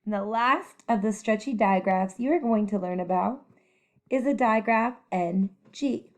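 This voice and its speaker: A woman teacher giving a children's phonics lesson, speaking clearly and encouragingly as she models letter sounds. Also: mid-range voice, unhurried.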